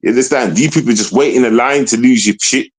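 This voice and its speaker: A man's voice: fast talker, low-quality recording. A man talking to his live stream in a rambling, profane monologue, confrontational, often asking if listeners understand. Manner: repetitive, profane, keeps asking "you understand?"; confrontational, swings between low mutter and raised voice. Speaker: livestreamer.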